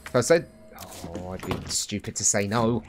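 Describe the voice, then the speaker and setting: A gaming streamer with a lowish voice talks at a moderate pace over background music. He gives casual let's-play commentary, swearing freely and addressing the characters on screen.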